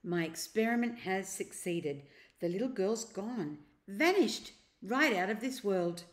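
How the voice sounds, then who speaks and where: A woman reading a storybook aloud and voicing a scheming elderly uncle who speaks in a slow, coaxing, secretive way. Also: mid-range voice, expressive, lightly acted. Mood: sly.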